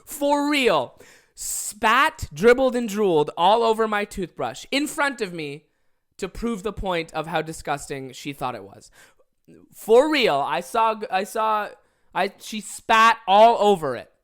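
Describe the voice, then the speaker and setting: A young adult podcast host, telling stories in a casual, animated way, swearing freely and acting out the people in them. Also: mid-range voice, slow pace. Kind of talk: casual comedic storytelling.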